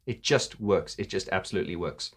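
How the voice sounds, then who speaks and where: A man's voice: deep voice, brisk. A man hosting a casual video commentary, enthusiastic, laughing often, with many fillers. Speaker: host.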